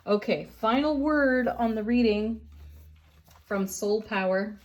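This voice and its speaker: A middle-aged woman giving a daily tarot card reading, unhurried and gentle, often laughing softly. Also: medium pitch, a little hiss or hum. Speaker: tarot reader and channel host.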